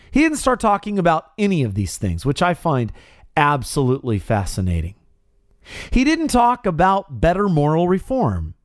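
A man preaching an expository sermon, with emphatic stresses that rise high and drop low. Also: no echo, clean studio sound.

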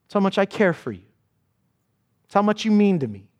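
A man's voice: high-pitched, big pitch swings, a little fast, darkish tone. A man preaching a sermon, reading scripture aloud with dramatic emphasis. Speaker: pastor.

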